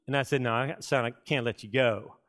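A middle-aged man preaching a sermon from Texas, telling folksy stories with dramatic pauses and asides. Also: mid-range voice, steady tone, a bit bright. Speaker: pastor.

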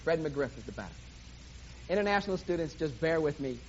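A man preaching to a live audience, telling a sports story in animated play-by-play style. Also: fairly high pitch, brisk. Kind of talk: sermon with sports illustration. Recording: dull lo-fi recording, faint hiss.

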